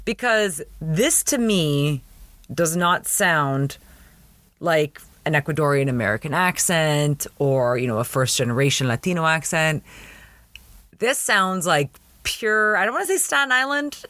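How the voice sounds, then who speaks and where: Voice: mid-range voice, expressive, measured pace, pushed and bright, no room sound. Chatty podcast host recapping an episode. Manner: chatty, laughing, incredulous asides.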